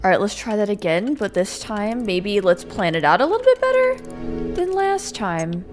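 A woman streamer excitably talking to herself while playing a game, swearing and reacting loudly. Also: medium pitch, normal speed, soft background music. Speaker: gameplay streamer. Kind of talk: let's play commentary.

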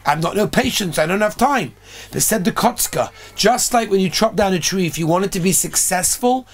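A man, a rabbi, giving an earnest sermon on prayer, telling stories and building emphasis. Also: sits high.

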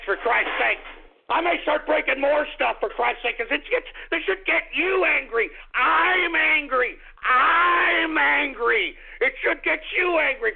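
A man hosting a radio show, ranting angrily about politics, swearing and shouting, repeating his lines. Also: sits high, creaky, husky. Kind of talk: angry political radio rant. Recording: tinny phone-like radio broadcast.

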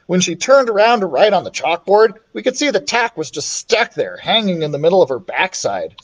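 A man reading a children's chapter book aloud, with an expressive, animated storytelling manner. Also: sits high, fairly quick. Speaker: children's librarian reader.

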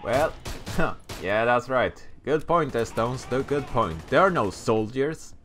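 Excitable man shouting over gameplay. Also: medium pitch, takes it slowly, soft background music. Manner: excitable, shouting at enemies, joking. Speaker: gaming YouTuber. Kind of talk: let's play commentary.

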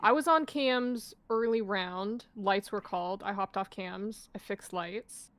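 A woman's voice: mid-range voice, unhurried, fairly bright tone, no echo. A woman in an online game walking through her moves step by step. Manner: methodical recounting. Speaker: player. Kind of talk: casual game chat.

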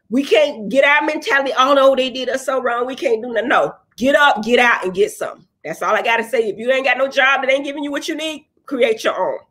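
A woman's voice: sits high, a bit bright. A woman chatting bluntly on a casual livestream, reading viewer comments and answering them with profane, preachy advice.

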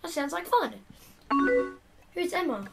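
A woman's voice: very high-pitched, animated, unhurried, creaky. A young woman casually reading typed chat lines aloud and adding chatty asides to the camera. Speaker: YouTuber playing a chat game. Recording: loud background music.

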